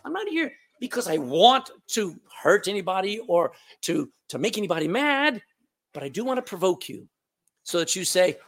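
A Texan pastor preaches a sermon in his church sanctuary, his high, slightly bright voice swinging widely in pitch at a moderate pace. He's emphatic, repeats words, and calls out to the congregation.

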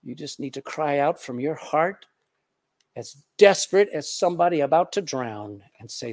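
Man preaching with loud-to-hushed swings. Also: a little high, animated, moderate pace. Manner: rhetorical questions to the congregation. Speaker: pastor. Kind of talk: sermon and closing prayer.

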